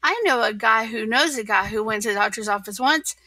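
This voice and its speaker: A woman reading a storybook aloud and voicing a dim-witted, cheerful male starfish with goofy, sudden loud outbursts. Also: fairly high pitch, brisk, no room sound.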